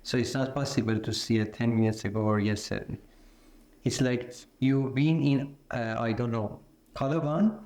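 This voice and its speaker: A man's voice: medium pitch, fairly even intonation, moderate pace, a little mellow. Hesitant man speaking in an echoey room. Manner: hesitant, searching for words with fillers. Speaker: student. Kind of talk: classroom discussion.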